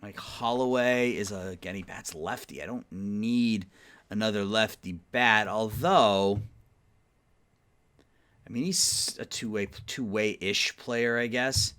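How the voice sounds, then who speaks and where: Man, low-pitched, drowsy let's-play commentator mulling roster moves out loud. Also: slow, clean tone. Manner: thinking aloud, sleepy, yawning often; mutters trade talk to the game's teams. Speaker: gaming YouTuber playing a baseball management sim.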